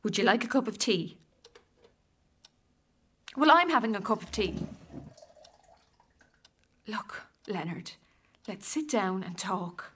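An actress playing Rose, a wife caught out and flustered, stammering in a radio play. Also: female voice, on the high side, lively intonation, moderate pace, pauses often, a bit bright, slight background noise. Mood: defensive.

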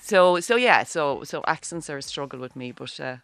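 A woman with a Cork accent, an actor on a panel, telling brisk, self-mocking anecdotes. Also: low voice, lively intonation, a bit bright, no echo. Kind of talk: casual chat.

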